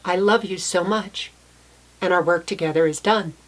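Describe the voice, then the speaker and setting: A wise and loving old house cat speaks gently to the child he looks after, as a woman tells it in her own low voice. His words are calm and encouraging. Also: moderate pace, lightly acted. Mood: tender.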